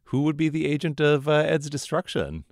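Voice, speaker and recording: A man's voice: on the high side, very animated, a little fast, dry recording. A man co-hosting a podcast, speaking in a dry, wry way. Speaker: podcast co-host. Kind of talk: casual podcast chat.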